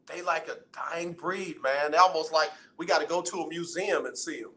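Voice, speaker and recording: A man running a sports talk radio show in a high, bright voice. He teases the fans and preaches at them in loud, playful banter. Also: normal speed. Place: radio studio.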